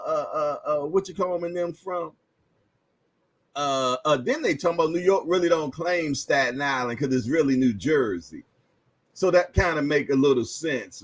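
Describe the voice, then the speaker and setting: A man's voice: a little high, dry recording. A man hosting a boxing news chat, talking in laid-back slang, laughing often and repeating himself. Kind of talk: casual livestream chat.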